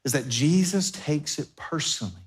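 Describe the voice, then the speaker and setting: A man's voice: fairly high pitch, animated, moderate pace. A man, the pastor, preaching a sermon to his congregation in a conversational way, slipping into everyday back-and-forth dialogue to make his points. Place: church sanctuary before a congregation.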